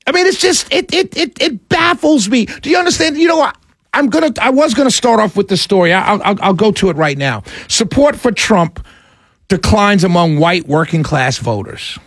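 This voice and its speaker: Guy ranting on his show, super high voice, exasperated, stammering, dry close sound. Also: big pitch swings, moderate pace, fairly bright tone, no echo. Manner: exasperated, incredulous, stammers and laughs. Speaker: political commentator. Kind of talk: ranting commentary to an audience.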